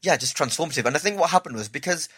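Fast-talking comedian, husky. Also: male voice, a little high. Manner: animated storytelling, acts out quoted voices. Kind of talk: casual podcast chat.

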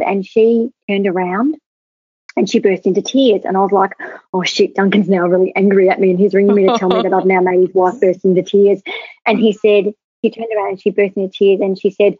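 Woman guest, earnest storyteller, husky tone, dry narrow phone-line sound. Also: mid-range voice, fairly even intonation, fairly quick, dry recording. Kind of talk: storytelling advice on leadership.

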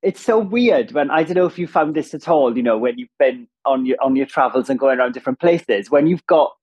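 A man from south-west Wales with a strong accent, a TV presenter talking as a guest in a lively, animated way and laughing as he speaks. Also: medium pitch, a little fast, slightly rough. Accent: south-west Welsh. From Ammanford, south-west Wales. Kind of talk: casual interview chat.

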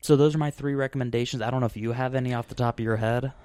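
A man's voice: medium pitch, fairly even intonation, racing, a little mellow, clean tone. Rambling man chatting casually on a podcast. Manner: rambling, full of fillers and restarts. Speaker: podcast host. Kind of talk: casual chat.

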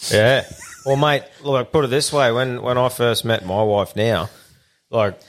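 A man's voice: mid-range voice, fairly even intonation, unhurried. An Australian man telling a story in a casual chat, blunt and swearing freely.

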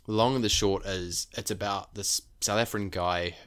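A low-pitched man co-hosts a casual podcast. He rambles eagerly from topic to topic, padding his talk with fillers and restarts. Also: steady tone, moderate pace, a bit bright. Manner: rambling, enthusiastic, many fillers. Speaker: podcast co-host.

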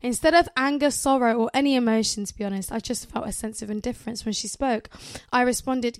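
A woman co-hosting a podcast, reading a story aloud with animated commentary, often laughing and swearing. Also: on the high side, brisk, hardly any pauses, dry recording. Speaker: podcast co-host.

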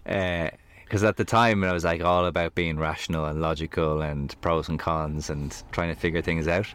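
A man, a podcast guest talking casually in a camper van, telling animated stories full of "like". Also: deep voice, normal speed, clean tone. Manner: animated storyteller, heavy on "like". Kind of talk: casual conversation.

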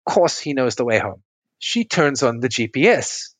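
A man's voice: medium pitch, big pitch swings, moderate pace, a bit bright. Middle-aged male coach on a remote call: walks through client stories patiently, mid-range voice, no room echo. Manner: explanatory, tells client stories step by step. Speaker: relationship coach and podcast guest. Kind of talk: interview, explaining with stories.

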